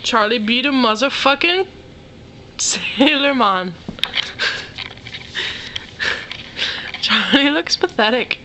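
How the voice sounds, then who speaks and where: A woman's voice: a little high, lively intonation, very slow, long pauses. A woman filming her pets at home, joking around in mock-pirate slang and teasing the animals. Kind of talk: playful home video commentary. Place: at home indoors. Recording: noisy home camcorder audio.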